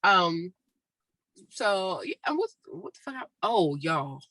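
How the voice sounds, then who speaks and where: A podcast co-host telling stories in casual, profane chat, with a sore throat after surgery. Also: female voice, on the low side, slow pace, no room sound, poor audio. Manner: profane, animated storytelling.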